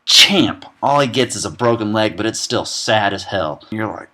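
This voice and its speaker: A young man with a lowish voice offers a comedic film recap, keeping it sarcastic and deadpan. He sprinkles in quick asides and pieces of the characters' dialogue.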